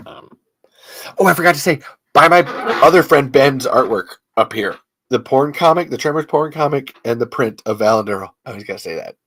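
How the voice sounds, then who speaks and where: A man's voice: mid-range voice, fairly bright tone, slightly rough. A man hosting a podcast, rambling and joking in casual chat. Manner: rambling, joking, self-mocking. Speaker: podcast host.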